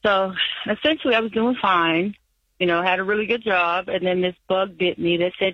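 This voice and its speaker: A woman's voice: medium pitch, normal speed, no room sound. A woman calling in to an advice show, anxious and rambling as she lists her debts. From San Diego. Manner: anxious, rambling, nervous laughs. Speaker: caller. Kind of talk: phone-in call. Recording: dull phone line.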